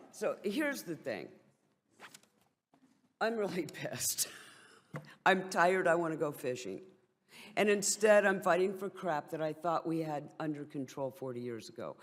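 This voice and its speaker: An older woman who is a military veteran gives an impassioned, blunt and wryly indignant speech at a briefing. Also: lowish voice. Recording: long hall reverb.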